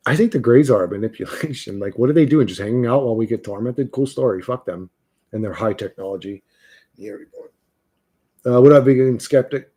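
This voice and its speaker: A man's voice: mid-range voice, fairly quick, dark tone, breathy edge. A man hosting a livestream, talking bluntly and profanely in a rambling, casual way with frequent restarts. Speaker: livestream host.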